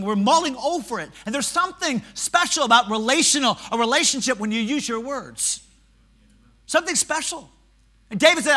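A male pastor preaching a sermon in church, swinging from shouted swells to hushed, quiet lines. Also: very high voice, animated, a little fast.

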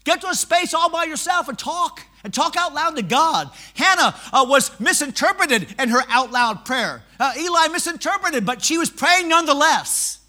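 A male pastor preaching a sermon in church, swinging from shouted swells to hushed, quiet lines. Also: very high voice, lively intonation, normal speed, hardly any pauses.

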